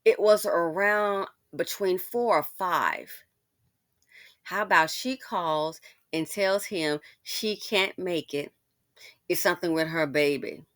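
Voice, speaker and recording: A woman's voice: on the low side, a bit bright, no echo, clean studio sound. A woman hosting a casual commentary, talking straight to her listener in a sassy, outspoken way. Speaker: commentary channel host.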